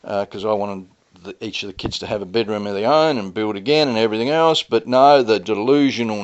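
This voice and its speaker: Aggrieved rambling man. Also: fairly low pitch. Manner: aggrieved, rambling, often heated. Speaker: vlogger. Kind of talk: personal storytelling vlog. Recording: dull lo-fi audio.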